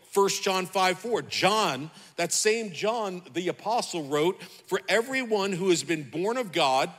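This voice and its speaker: A man's voice: high-pitched, fairly bright tone, long reverb tail. A man preaching a sermon as pastor, fervent and repetitive, calling out to the congregation.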